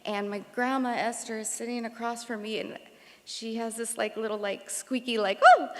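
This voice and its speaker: A woman's voice: a little high, level tone, normal speed, a little hiss or hum. A woman in her forties giving an emotional, rambling eulogy for her father, with many fillers. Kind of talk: memorial tribute speech. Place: concert hall. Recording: long hall reverb.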